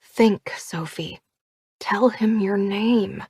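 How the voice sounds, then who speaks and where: A woman reading as a bold, glamorous young woman who gives brisk directions in an audiobook. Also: medium pitch, expressive, no room sound, studio quality, close to an everyday voice. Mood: urgent. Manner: brisk, commanding.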